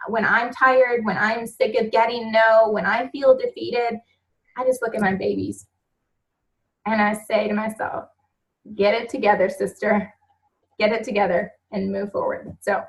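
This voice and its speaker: Earnest, soft-spoken woman with a higher voice. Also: rough recording. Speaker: guest coach on the call. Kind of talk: motivational coaching call.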